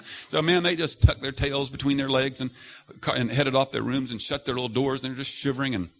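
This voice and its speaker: A man's voice: medium pitch, a little fast. A middle-aged man preaching a sermon to a congregation, telling stories and acting out the voices he quotes. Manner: animated storytelling, acts out quoted voices loudly. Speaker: pastor. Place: church sanctuary before a congregation.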